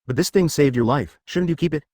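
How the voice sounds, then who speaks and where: A man's voice: a little high, a little fast, darkish tone, no room sound, studio quality, natural voice. A man voicing an earnest, shy young woman who works as an assistant. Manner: stern then timid, polite.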